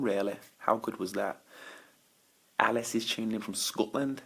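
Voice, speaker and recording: A man's voice: mid-range voice, flat delivery, normal speed, creaky. A man doing a late-night Facebook Live as a motivational speaker, talking energetically to viewers and greeting them by name. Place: indoors at night. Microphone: phone or webcam for a live stream.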